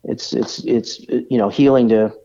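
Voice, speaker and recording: A man calls into a show and talks casually about his business, halting and full of fillers. His voice comes through a dull, muffled line. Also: fairly low pitch, steady tone, warm tone. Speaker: guest store owner. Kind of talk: casual interview.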